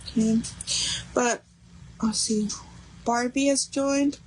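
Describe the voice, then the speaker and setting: A woman's voice: on the high side, steady tone, slow pace, darkish tone, a little hiss or hum, poor audio. A young adult woman hosting a craft livestream, chatting casually and rambling with lots of fillers while she works.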